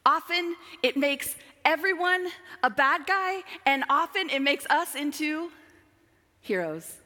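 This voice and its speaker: A woman preaching a sermon, dramatic, moving between emphatic lines and hushed asides. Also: high voice, animated, slow. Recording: long hall reverb.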